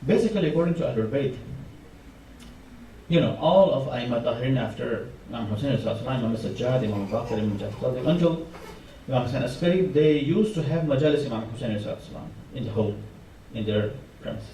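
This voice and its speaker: A man with a voice preaches a sermon in a mosque hall, stacking up repeated phrases with rising force. His tone is dark and mellow, and he is picked up from some distance in a roomy, echoing space with faint ambient noise. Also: mid-range voice, expressive, fast. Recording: echoey hall, mic from far off.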